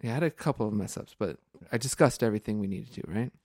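A man's voice: lowish voice, lively intonation, fast, darkish tone, no room sound, clean studio sound. A man in his forties co-hosting a casual podcast, chatty and upbeat, laughing often. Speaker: podcast co-host.

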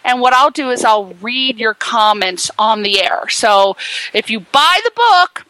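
A bubbly woman hosting a radio talk show, with a bright, forceful voice that sits a little high. She rattles through plugs and promos with jokey asides and excited restarts. The sound is close and dry, with no room around it. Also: a little slow, no room sound, rough recording. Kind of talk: lively radio talk show intro and ad read.

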